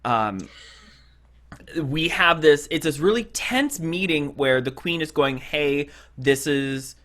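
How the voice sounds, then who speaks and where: Man retelling TV scenes, animated. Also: a little high, measured pace. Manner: animated retelling of TV scenes, acting out quoted lines with frequent restarts. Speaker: podcast co-host. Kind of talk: casual podcast chat.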